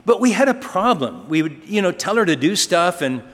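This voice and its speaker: A man's voice: high-pitched, big pitch swings, moderate pace. Preaching man in a reverberant hall. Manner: conversational storytelling with rhetorical questions. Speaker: pastor. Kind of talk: sermon. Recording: long reverb of a large hall.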